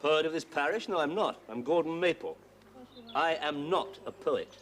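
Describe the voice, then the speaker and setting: A man's voice: on the high side, normal speed, a bit bright, lightly acted. An actor playing a fussy middle-aged father who rambles on as he gets ready to judge wines in a TV comedy drama.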